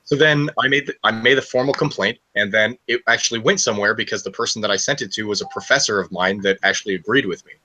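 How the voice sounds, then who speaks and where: A man's voice: fairly low pitch, quick pace, few pauses, pushed and bright, rough recording. A young man telling a long story on a live stream in a casual, profane, ranting way.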